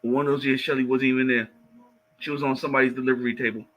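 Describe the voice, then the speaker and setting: A man co-hosting a track talk show, calmly going through medal counts before pushing his point harder. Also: medium pitch, low-quality recording. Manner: measured, reciting stats, building to emphasis. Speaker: co-host called coach. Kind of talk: sports talk.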